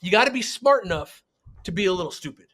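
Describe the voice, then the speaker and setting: Animated high-voiced male sales coach. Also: quick pace. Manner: emphatic, blunt and animated. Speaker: sales trainer and show host. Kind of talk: coaching panel discussion.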